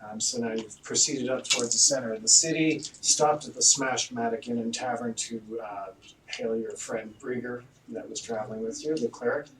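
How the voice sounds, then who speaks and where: A man's voice: medium pitch, fairly even intonation, moderate pace, fairly bright tone. A man narrating a tabletop game as game master, in a casual manner with fillers. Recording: echoey room, distant mic, faint noise.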